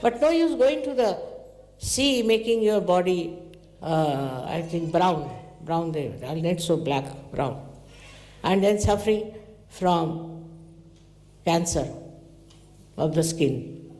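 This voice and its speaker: Animated woman teaching in an echoey hall. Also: slow pace, pauses often. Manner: animated storytelling with sudden pitch jumps. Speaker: spiritual teacher. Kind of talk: spiritual talk to followers.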